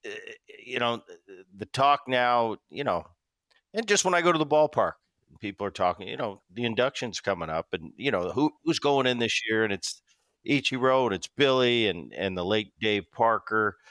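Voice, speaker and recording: A man hosting a podcast, chatting casually and telling baseball stories with lively quoted voices. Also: medium pitch, moderate pace, dry recording. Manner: storytelling, animated quoting. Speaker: podcast host. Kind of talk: casual interview chat.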